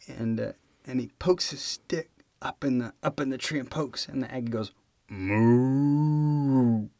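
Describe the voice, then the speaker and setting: Male podcast host, giggly storyteller, dry close mic, mid pitch. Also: normal speed, creaky, slightly rough, no room sound. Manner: giggling, joke-telling. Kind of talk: casual chat and test prep.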